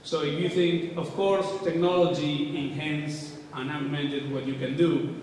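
A man's voice: on the high side, little pitch movement, unhurried, darkish tone, far from the mic, a little hiss or hum. Man lecturing in an echoey hall. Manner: casual, irreverent, occasionally swearing. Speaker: architect giving a lecture. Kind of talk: informal lecture.

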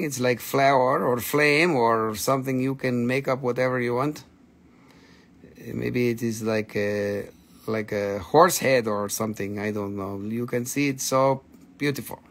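A man of medium pitch and a somewhat bright tone hosts a live-stream sale through his phone. His pitch is full of playful jokes and banter aimed at viewers and at himself.

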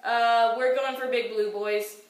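A woman's voice: fairly high pitch, steady tone, a little slow. A young woman playing a racing game with a friend, chatting and cheering in a giddy, playful way. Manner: giddy, playful, bursts into sing-song shouts. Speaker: gamer recording a let's play. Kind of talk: excited gaming chat. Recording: roomy echo, mic far off, faint background noise.

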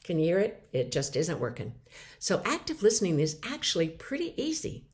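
A middle-aged woman with a somewhat low voice delivers a short lecture in a lively, animated way. She breaks into quick acted-out replies to show her points. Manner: lively, acts out example replies. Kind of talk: mini lecture to camera.

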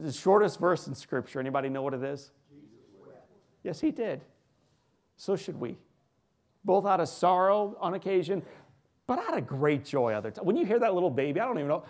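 An American man giving an inspirational storytelling speech, swinging between loud emphasis and hushed asides and asking the audience questions. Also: medium pitch. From United States. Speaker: motivational keynote speaker.

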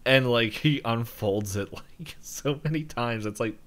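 A man's voice: medium pitch, unhurried, fairly bright tone. A young man co-hosting a podcast, casually recapping a cartoon episode, rambling, laughing often and quoting characters in raised voices. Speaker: podcast co-host.

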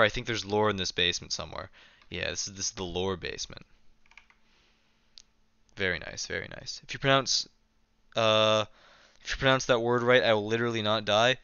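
A man's voice: lowish voice, vocal fry, bright, forceful tone, clear, resonant tone, no echo, highs cut off. A young man casually live-streaming a game, chatting and reading his chat aloud with a self-mocking manner, keyboard clicks behind.

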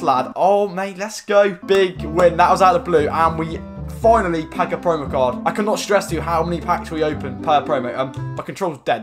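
Excitable young gaming commentator. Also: male voice, on the high side. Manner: excitable, slangy, bursts into loud outbursts. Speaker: gaming YouTuber. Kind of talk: casual gameplay commentary.

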